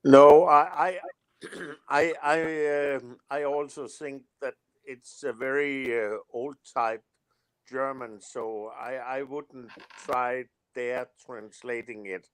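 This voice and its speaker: A man's voice: mid-range voice, steady tone, smooth. A man whose first language is Danish, chatting on a live stream and repeating words as he searches for them. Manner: halting, repeats words before getting them out. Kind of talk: casual live-stream chat.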